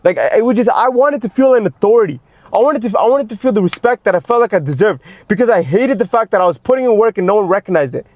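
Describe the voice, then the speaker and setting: This young man, a fitness coach, talks fast in a high, expressive, slightly mellow voice. His unscripted personal monologue is an intense rant full of heavy swearing, and he repeats himself whenever he gets worked up.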